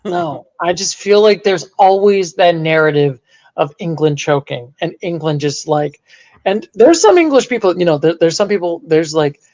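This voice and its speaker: A man co-hosting a casual sports podcast, animated and prone to bursts of mock outrage. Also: a little high, normal speed, lo-fi sound. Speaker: podcast co-host.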